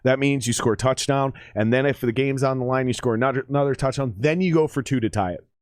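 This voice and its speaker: A laid-back man talks loosely at a middling pitch, drifting from one point to the next with plenty of fillers and the odd curse. His voice sits close and dry on the mic, with no room sound around it. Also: fast, no room sound. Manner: rambling, profane, with many fillers. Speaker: streamer commenting on a game. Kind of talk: casual livestream chat and commentary.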